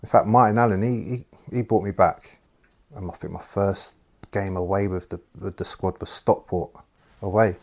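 A former footballer recalling his early days at a club in a relaxed, plain-spoken way. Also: sits low, moderate pace. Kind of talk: casual interview reminiscence.

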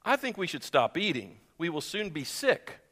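A man voices an earnest storybook frog who patiently reasons through every problem. His tone is bright and lively, slightly high, and carries a long hall echo. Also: moderate pace, heavily acted. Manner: calm, reasoning.

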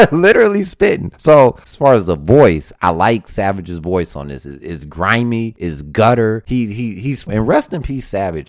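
A man hosting a podcast, giving casual, animated commentary with chuckles and repeated words. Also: on the low side, no room sound, studio quality. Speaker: podcast host. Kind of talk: casual sports and music commentary.

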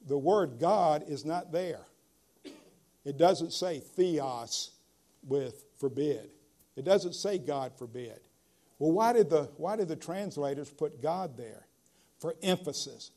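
A man preaching a sermon, emphatic, slowing down to stress key phrases, with frequent "uh" fillers. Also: fairly high pitch, dark tone.

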